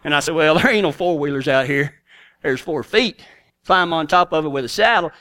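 A man's voice: on the high side, a little fast, pushed and bright. A middle-aged man with a Texan accent, telling a folksy story as a cowboy preacher in a sermon. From Texas.

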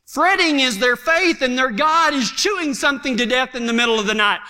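A man preaching a sermon, telling stories and swinging from quiet asides to shouting. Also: very high voice, fairly quick, long reverb tail. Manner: animated storytelling, swings from hushed to shouting. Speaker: pastor.

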